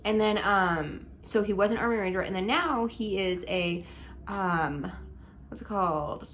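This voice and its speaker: A young woman casually telling a dating story at home in a chatty, animated way, full of likes and ums. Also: medium pitch, a little slow, slight background noise. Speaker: vlogger.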